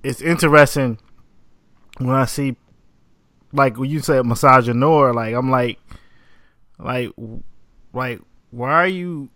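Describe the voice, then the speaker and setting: A man's voice: medium pitch, slow, long pauses, fairly bright tone, no echo, studio quality. A man who makes a webcomic, a guest on a podcast, talking loosely and animatedly with a lot of "like". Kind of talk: casual podcast conversation.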